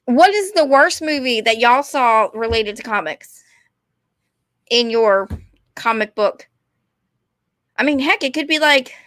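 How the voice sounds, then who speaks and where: A woman, rambling and animated as she chats casually to her stream viewers. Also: sits high, no room sound, studio quality. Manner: rambling, animated, talks to chat. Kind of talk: casual ranting chat to viewers.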